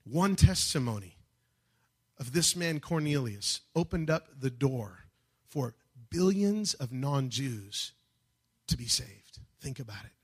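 A man preaching a sermon, building from calm teaching to fervent shouted passages. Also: mid-range voice, slow, breathy edge. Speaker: pastor.

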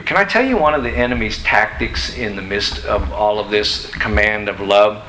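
A man's voice: on the low side, normal speed, hardly any pauses, bright, forceful tone, a little hiss or hum, poor audio. A middle-aged man preaching a sermon in a church, emphatic and questioning his listeners. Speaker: pastor. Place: church sanctuary.

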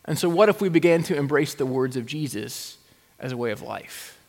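A pastor preaching a sermon in a conversational way, with rhetorical questions and wry asides. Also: male voice, medium pitch, animated, fairly quick, gravelly, darkish tone. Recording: long hall reverb.

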